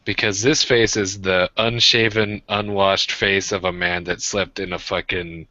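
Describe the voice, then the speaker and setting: A man's voice: deep voice, level tone, unhurried, bright, forceful tone, no echo, highs cut off. A young man co-hosting a podcast in casual rambling chat, profane and self-mocking as he tells jokey stories. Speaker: podcast co-host.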